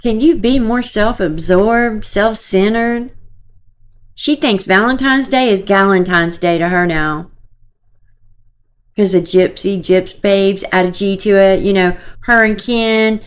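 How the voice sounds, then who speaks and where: A woman's voice: medium pitch, unhurried, clear, resonant tone. A woman giving casual, opinionated gossip commentary to her viewers, scornful and talking to them directly. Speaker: commentary vlogger.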